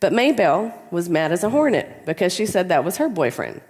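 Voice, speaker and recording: A woman's voice: lowish voice, fairly quick. A woman voicing her commanding grandmother in her nineties, telling a folksy story in a Southern accent. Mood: fond. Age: 90s. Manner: folksy, lively porch storytelling. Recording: long reverb in a large hall.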